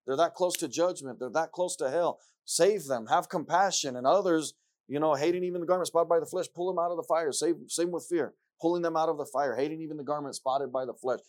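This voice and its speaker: A male pastor preaches a sermon earnestly in a fairly high voice at a quick pace. He repeats lines of scripture for emphasis, building from quiet reflection to loud excitement.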